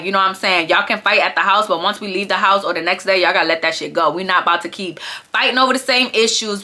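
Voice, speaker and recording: A young woman casually recapping a reality show episode for her viewers in an animated, gossipy storytelling manner. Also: mid-range voice.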